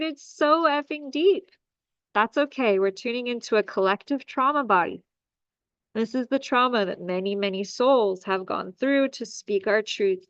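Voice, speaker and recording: An energy healer leads a group through a guided healing meditation, soothing and repetitive, with commanding incantations. Her mid-range voice is creaky, and the recording is dry, dull and lo-fi with no echo.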